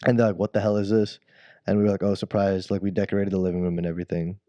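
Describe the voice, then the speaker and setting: A man with a low, mellow voice tells a long, rambling childhood story in casual podcast chat. He restarts his sentences often and laughs at his own tale. The recording is close and dry. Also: flat delivery, very fast, dry recording. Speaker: podcast co-host.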